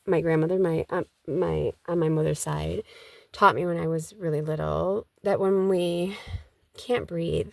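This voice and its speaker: A woman's voice: low-pitched, fairly even intonation, unhurried, creaky, darkish tone, no room sound, clean studio sound. A middle-aged woman chatting casually in a rambling way about spiritual matters, with many restarts. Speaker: vlogger.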